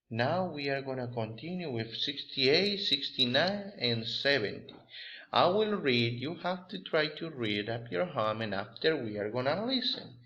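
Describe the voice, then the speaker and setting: A male teacher with a lively, bright voice. He speaks slowly and patiently, encouraging young learners. The recording sounds dull and lo-fi. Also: mid-range voice. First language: Spanish. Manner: patient, encouraging, hesitant phrasing. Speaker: English teacher. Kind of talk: classroom lesson, reading a story aloud.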